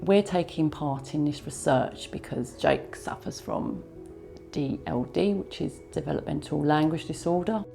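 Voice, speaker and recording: Low, dark-voiced mother, gravelly. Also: expressive, measured pace, soft background music. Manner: hesitant, with fillers. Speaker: parent of a research participant. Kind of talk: documentary interview.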